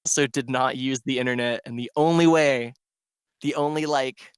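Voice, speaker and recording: A man's voice: mid-range voice, steady tone, moderate pace, smooth, dry recording, clean studio sound. A man who is a DJ, telling a long rambling story in casual podcast chat and filling it with "like". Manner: rambling storyteller, heavy "like" filler. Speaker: DJ guest.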